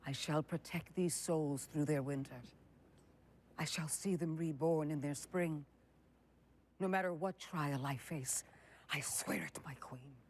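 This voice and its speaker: A woman reading a loyal woodland huntress. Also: low voice. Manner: earnest vows, dropping to whispers. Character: loyal woodland huntress sworn to her queen.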